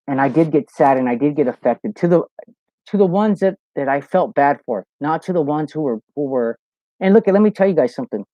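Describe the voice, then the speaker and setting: A man rambles easily through a live Q&A, swearing freely and spinning stories. His voice sits a little high. The recording is dry and dull, close and lo-fi. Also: lively intonation, brisk, warm tone, no room sound. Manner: loose, profane, storytelling with lots of "you know". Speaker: host of a live Q&A show. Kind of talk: casual livestream chat, reading viewer comments.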